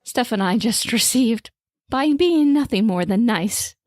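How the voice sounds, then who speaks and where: A woman's voice: a little high, expressive, unhurried, no echo. A woman co-hosting a podcast in casual chat, playful and teasing with her co-host.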